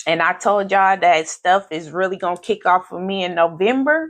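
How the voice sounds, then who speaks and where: A woman hosts a live podcast in casual chat, her fairly low voice moving at normal speed with hardly any pauses. She's effusive, grateful, and faith-filled, repeating phrases for emphasis during the live-stream talk.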